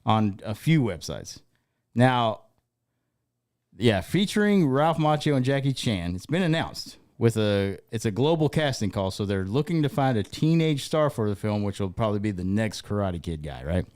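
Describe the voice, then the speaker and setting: A man's voice: on the low side, sing-song, moderate pace, a little mellow. A man co-hosting a casual podcast in a laid-back way, swearing and saying dude. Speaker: podcast co-host. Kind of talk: casual sports and pop-culture chat.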